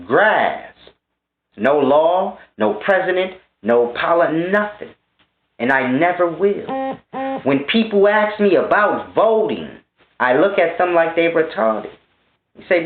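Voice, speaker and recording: A man's voice: fairly high pitch, very animated, measured pace. A man in his thirties delivering a blunt, scornful, profane monologue rant to his viewers. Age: 30s. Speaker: vlogger. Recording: tinny, phone-like and roomy.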